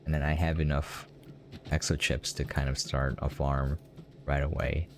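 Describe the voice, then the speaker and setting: A man's voice: rumbling low, flat delivery, normal speed, slight background noise. A young American man chatting casually while live-streaming a game, rambling and laughing often as he answers his chat. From United States.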